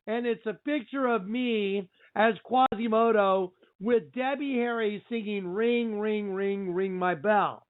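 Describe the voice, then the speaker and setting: A man hosting a radio show, retelling a movie scene by scene in an animated, repetitive, preachy way. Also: sits high. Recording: tinny phone-line sound.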